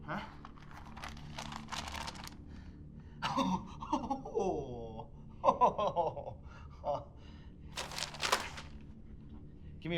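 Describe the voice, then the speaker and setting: An actor playing a volatile, profane male home invader in film dialogue, swinging between low muttering and shouted threats. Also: background noise. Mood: threatening.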